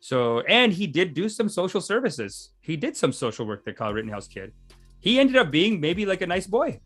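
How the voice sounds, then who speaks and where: A man's voice: high voice, sing-song, moderate pace, a bit bright, soft background music. A man hosting a livestream, giving casual, rambling commentary and laughing often. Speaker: livestream host.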